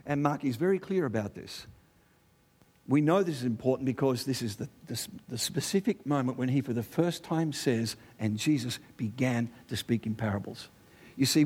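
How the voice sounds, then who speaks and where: A middle-aged man with an Australian accent preaches to his congregation in an animated, chatty way, tossing out rhetorical questions and asides. His voice runs on the high side and is slightly rough.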